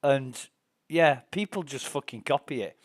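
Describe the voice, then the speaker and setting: A man's voice: medium pitch, lively intonation, measured pace, dry recording, studio quality. Middle-aged man, sweary streamer. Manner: rambling, profane, indignant anecdotes. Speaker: game streamer. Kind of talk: casual gameplay chat and storytelling.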